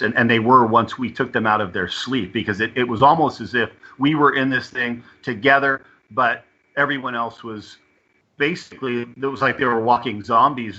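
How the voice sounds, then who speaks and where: A man telling a personal experience as an interview guest, halting and often repeating or restarting his words. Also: medium pitch, sharp tone, dull audio.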